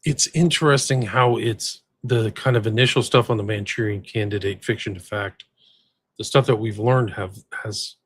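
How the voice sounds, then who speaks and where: Gravelly, husky podcast co-host. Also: male voice, fairly low pitch, dry recording. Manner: rambling, conversational, addresses live chat. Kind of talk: casual podcast chat.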